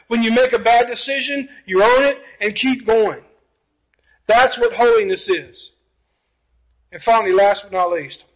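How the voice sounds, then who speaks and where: A pastor preaching a sermon, emphatic, with rhetorical questions and passages that drop to quiet intensity. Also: male voice, high voice, lo-fi sound.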